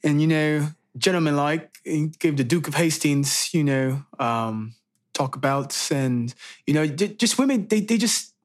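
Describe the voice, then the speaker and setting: Young male co-host, slightly high voice, upbeat and encouraging. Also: measured pace. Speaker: podcast co-host. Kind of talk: casual chat.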